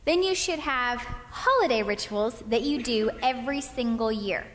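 A woman's voice: fairly high pitch, expressive, normal speed, a little hiss or hum. A woman in her thirties speaking to an audience, telling personal anecdotes and checking in with "okay?". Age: 30s. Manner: warm anecdotal, frequent "okay?" check-ins. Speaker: speaker at a couples' talk. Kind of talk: storytelling talk to an audience. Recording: long hall reverb.

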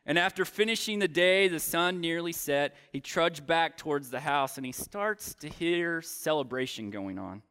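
A man preaching a sermon, retelling a Bible story with dramatic pauses and voiced lines for the characters. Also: a little high, expressive, bright, forceful tone, clear, resonant tone.

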